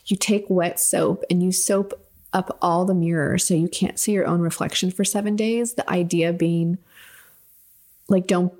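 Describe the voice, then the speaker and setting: A woman's voice: lowish voice, steady tone, unhurried, darkish tone. A woman co-hosting a podcast, telling personal stories in an earnest, casual way. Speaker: podcast co-host.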